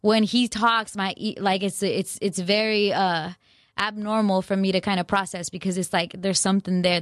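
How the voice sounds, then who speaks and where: A woman's voice: mid-range voice, steady tone, moderate pace, no room sound, studio quality. A young woman chatting casually to her viewers, rambling and self-mocking, full of slang and restarts. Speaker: vlogger. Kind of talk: casual chat to camera.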